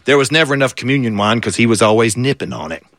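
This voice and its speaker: Brief: male Kentucky storyteller, folksy drawl, bright tone, dry close recording. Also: medium pitch, quick pace, dry recording. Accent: Southern US, Kentucky. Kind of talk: folk tale storytelling.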